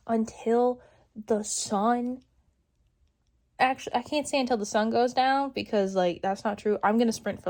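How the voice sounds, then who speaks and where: A young woman book vlogger chatting casually to the camera, excitable and chatty, sometimes dropping into a whisper. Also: on the high side. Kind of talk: casual vlog chat to camera. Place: in a car on the way to a salon.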